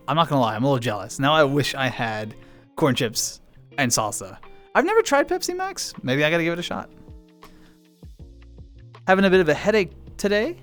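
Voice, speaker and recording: A man's voice: a little high, a bit bright. A man, casually chatting with viewers on a live stream, reading chat aloud and laughing often.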